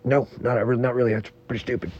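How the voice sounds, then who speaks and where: A man bantering on a comedy podcast, rambling through absurd stories with a deadpan delivery. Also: medium pitch, quick pace, husky, muffled recording.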